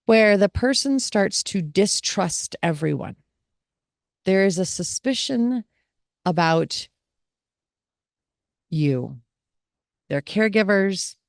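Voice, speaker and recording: Slow, low-voiced gravelly woman host. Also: darkish tone, no echo, clean studio sound. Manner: candid, reflective storytelling. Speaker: podcast host and family caregiver. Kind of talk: personal reflective monologue.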